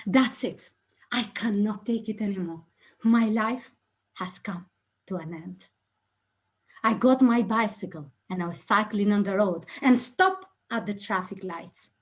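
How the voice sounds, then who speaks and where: A middle-aged woman giving a motivational contest speech, telling her story theatrically and swinging between hushed lines and loud cries. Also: medium pitch. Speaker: speaking contest speaker.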